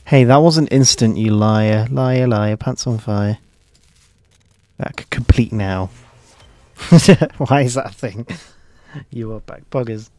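A man's voice: mid-range voice, a little slow, mellow, dry recording. A man casually commenting on his gameplay, joking and swearing at a desk microphone. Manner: joking, swearing, reacting freely. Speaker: streamer.

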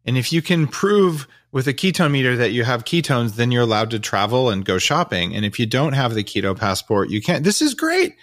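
A man's voice: mid-range voice, a little fast, hardly any pauses, fairly bright tone, no echo, studio quality. An American man hosting a podcast interview, who slips wry, sarcastic asides into the conversation. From United States. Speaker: podcast host.

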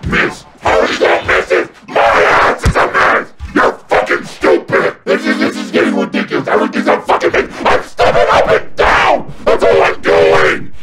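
A man yelling and cursing in frustration while playing video games, his voice run through a demonic filter. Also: mid-range voice. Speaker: gamer. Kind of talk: rage-filled gameplay commentary.

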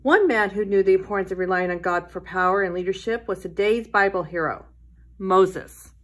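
A woman teaching a Sunday school lesson, telling a Bible story to children in a gentle storytelling way. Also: mid-range voice, normal speed.

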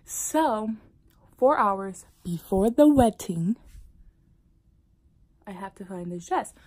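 A woman vlogger tells a personal story to the camera in a casual, animated way, slipping into whispered asides. Her voice sits at medium pitch and she speaks slowly.

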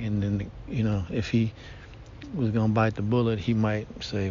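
A man holds forth in a slow, rambling monologue, stumbling over fillers and slang. His voice sits low and mellow. The recording is dull and lo-fi, with a faint rumble underneath. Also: level tone. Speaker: podcast host. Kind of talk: casual monologue.

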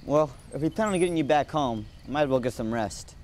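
A young man in an amateur short film playing a talkative young man who befriends a creature, quick to get exasperated and quick to apologize. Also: medium pitch, lively intonation, darkish tone, a little hiss or hum, lightly acted. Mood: gentle.

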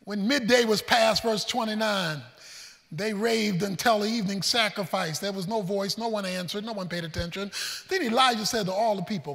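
A man preaching a sermon, storytelling with folksy humor and swinging between shouts and hushed asides. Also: high voice, fairly quick, long reverb tail. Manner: animated preaching, shouting and then dropping to a hush. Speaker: pastor.

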